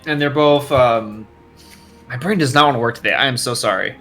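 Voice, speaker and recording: A man's voice: mid-range voice, fairly quick, bright, forceful tone, soft background music. A man acting as game master, narrating a tabletop game in a rambling, self-correcting way.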